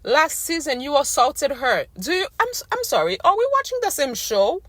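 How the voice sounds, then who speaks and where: A woman's voice: high-pitched, huge pitch swings, normal speed, no room sound. A woman ranting casually to her viewers in a blunt, slangy, exasperated way while she is losing her voice. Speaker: recap vlogger. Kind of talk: casual rant to camera.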